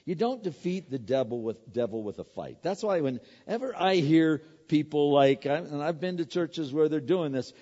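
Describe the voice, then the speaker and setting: A man's voice: a little high, animated, moderate pace, hardly any pauses, warm tone, husky. A man preaching a sermon, emphatic and repetitive, asking rhetorical questions and answering them. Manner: emphatic, repeats words, asks rhetorical questions. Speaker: pastor. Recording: echoey hall, dull lo-fi sound.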